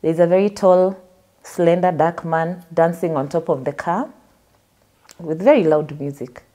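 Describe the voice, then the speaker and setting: A woman's voice: on the low side, a little slow, dark tone. A young Kenyan woman telling her life story as a guest in an interview, acting out the voices of the people she quotes.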